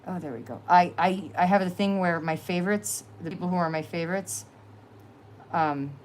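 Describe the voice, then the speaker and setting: A woman's voice: lowish voice, normal speed, a little mellow, a little hiss or hum. A middle-aged woman with a New Jersey accent, hosting a casual crafting livestream in a chatty, rambling way, laughing often. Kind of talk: casual live-stream chat.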